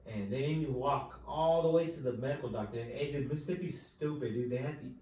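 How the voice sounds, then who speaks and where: A man hosting a podcast, telling a story in relaxed casual chat, swearing and saying "dude" over and over. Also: medium pitch, a little fast. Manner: relaxed, profane, says "dude" constantly. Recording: echoey room, distant mic, faint noise.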